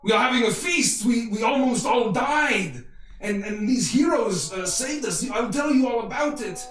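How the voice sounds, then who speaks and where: A man voicing a boisterous, jovial male lodge leader who talks loudly and with false cheer, in a tabletop game. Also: sits high, lively intonation, a little slow, pitched above the performer's own voice. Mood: hearty. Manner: hearty, loud, falsely reassuring. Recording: roomy, distant mic, faint music.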